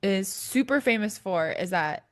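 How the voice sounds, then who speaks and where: A young woman from Wisconsin chats on her podcast, telling stories in a rambling, giggly way. Her pitch sits in the middle range. The recording is dry and close. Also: measured pace, no echo. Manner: giggly, rambling, animated storytelling. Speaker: podcast co-host. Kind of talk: casual chat.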